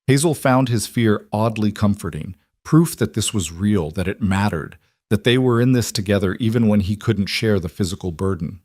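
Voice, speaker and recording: Male narrator, low voice, dry close sound, measured and earnest, for western tales. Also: a little mellow, dry recording. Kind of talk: scripted storytelling narration.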